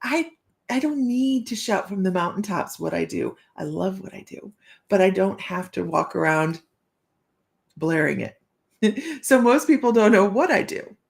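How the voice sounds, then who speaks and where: A woman's voice: medium pitch, very animated, normal speed, gravelly. A middle-aged woman hosting a psychic livestream, telling stories casually, laughing often and acting out the voices she quotes. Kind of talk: casual chatty livestream storytelling.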